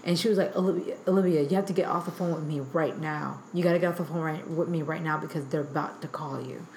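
Low-voiced young woman telling a story. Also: fast talker, a little mellow, slight background noise. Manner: rambling, lots of filler "like". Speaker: guest artist. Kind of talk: animated storytelling in casual chat. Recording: echoey room.

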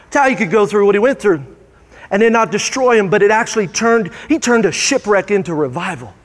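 A man's voice: sits high, expressive, fairly quick. A man preaching a sermon as pastor, with rising, emphatic bursts. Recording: hall reverb.

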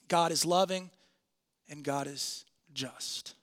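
A man preaching a sermon in church, earnest, slowing and softening on key phrases. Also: sits high, creaky.

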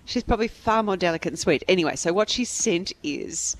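A woman co-hosting a podcast, reading out listener mail in a relaxed, playful way. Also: on the low side, brisk, slight background noise. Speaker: podcast co-host.

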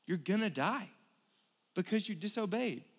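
A preacher voicing a grieved, stern God. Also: male voice, sits high, expressive, moderate pace, husky, heavily acted. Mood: sorrowful. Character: grave disappointed God, the father. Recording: long hall reverb.

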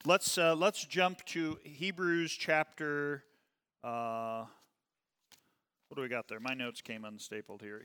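Man, Bible class teacher, bright voice, clear and crisp, casual check-ins, long hall reverb. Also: fairly high pitch, fairly even intonation. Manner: conversational, checks in with "okay?" often; reads scripture slowly and emphatically.

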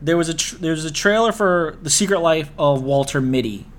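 A man with a somewhat raised pitch hosts a relaxed podcast conversation. He is laid-back, laughs easily and swears casually as he leads the talk. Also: a little fast, noisy background. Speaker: podcast host. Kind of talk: casual chat.

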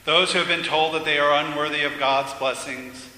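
A man's voice: a little high, fairly even intonation, moderate pace, bright, forceful tone. A man preaching a sermon in a church, earnest and candid, sometimes restarting his sentences. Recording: echoey church hall with faint noise.

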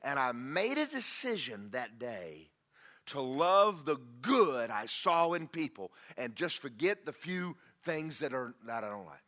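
A man's voice: medium pitch, very animated, unhurried, pushed and bright. A middle-aged man preaching a sermon. He tells folksy stories and rises into fervent prayer. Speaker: pastor.

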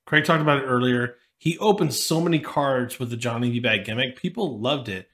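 A man's voice: mid-range voice, a little fast, a bit bright. A man co-hosting a podcast, chatting casually and reading background notes aloud. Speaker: podcast co-host. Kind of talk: casual chat.

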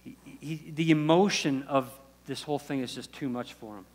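A man's voice: medium pitch, normal speed. A man preaching a sermon, retelling a Bible story in a casual, conversational way, often acting out the people's lines and restarting his sentences. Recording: long hall reverb.

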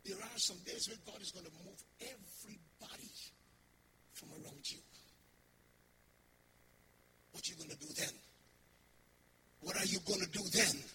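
A man preaching a sermon as a missionary. He speaks with fiery emphasis, calls out to the congregation and swings between shouting and hushed delivery. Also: sits high, normal speed, long pauses, heavy background noise. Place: church.

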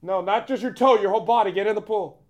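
A man co-hosting a casual sports podcast, teasing the host and reading out sports facts with deadpan asides. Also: sits high, fast, heavy background noise.

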